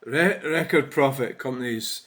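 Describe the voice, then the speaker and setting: A man's voice: medium pitch, measured pace, a bit bright. A man giving casual political commentary as a vlogger, chatty and chuckling, often tagging "right?" and "you know". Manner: chatty, frequent tag questions, chuckles at his own remarks. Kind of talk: casual commentary reading out an online exchange.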